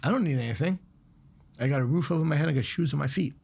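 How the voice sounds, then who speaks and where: Middle-aged guy, chef on a podcast, husky voice, blunt and swears a lot, animated stories. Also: a little high, quick pace. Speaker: guest chef. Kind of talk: casual podcast conversation.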